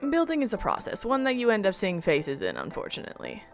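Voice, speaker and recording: A woman's voice: medium pitch, wildly swooping pitch, fast, gravelly, faint music behind. A woman streamer reading an upbeat scripted voice-over recap of her game week.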